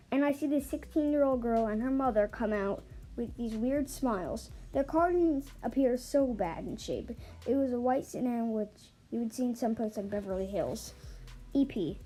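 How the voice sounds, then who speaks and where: A woman's voice: a little high, dark tone. A woman reading an online forum story aloud, with small stumbles and restarts along the way. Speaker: story reader. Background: faint background music.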